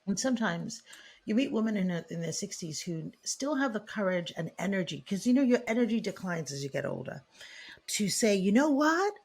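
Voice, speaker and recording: A woman guest and leadership coach on a podcast interview, talking in an animated, preacher-like way. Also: mid-range voice, fairly quick, husky.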